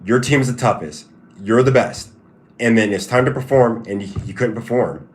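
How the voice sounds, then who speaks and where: A man's voice: medium pitch, normal speed. A man hosting a casual livestream who answers chat questions in a repetitive, stop-start, emphatic way. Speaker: livestream host and fighter.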